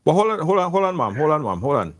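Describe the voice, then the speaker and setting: A man's voice: a little high, sing-song, quick pace, fairly bright tone. Incredulous male talk show host. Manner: interjecting, incredulous.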